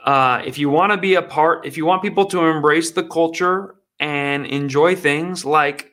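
A man with a fairly high speaking voice hosts his own commentary show. He reacts to news stories with sarcasm and emphasis. He speaks directly to the people watching. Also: moderate pace, a bit bright.

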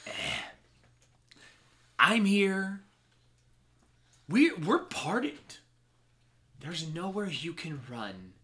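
A man voicing a smug, cruel male villain interrogating captives in a tabletop game. He speaks soft, low and taunting, and sometimes drops to a whisper. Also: sing-song, drawn-out words, pauses often, exaggerated voice.

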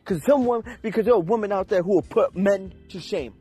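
A man's voice: high-pitched, brisk, dark tone, husky, soft background music. A young man ranting in an unscripted, heated and profane way, with emphatic delivery. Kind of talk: unscripted rant.

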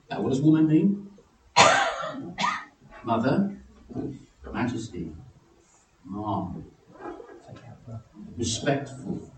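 A man preaching a sermon in a church, animated, acting out figures from the story in high excited voices. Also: very slow, pauses often, reverberant, recorded from a distance, rough recording.

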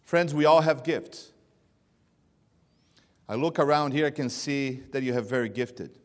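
A man preaching a sermon, swinging between loud emphatic bursts and hushed, low lines. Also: measured pace. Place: church sanctuary. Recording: long reverb of a church hall.

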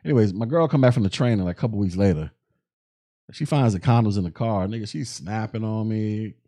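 A man's voice: lowish voice, fairly quick, mellow. A man hosting a podcast, telling a story in a loose, casual way with heavy slang, profanity and frequent restarts. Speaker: podcast host.

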